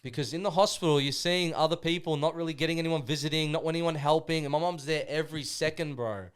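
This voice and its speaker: A man's voice: on the high side, quick pace, clear, resonant tone. A young Australian man, a podcast guest, talking casually and rambling, full of slang and "bro". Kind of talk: casual conversation.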